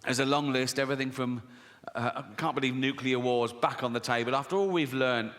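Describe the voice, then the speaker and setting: A man's voice: mid-range voice, steady tone, fairly quick, a bit bright. A man doing a stand-up routine, brash and full of swearing. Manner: brash, sweary, mock-outraged. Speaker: stand-up comedian. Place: large theatre stage. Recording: live hall with reverb.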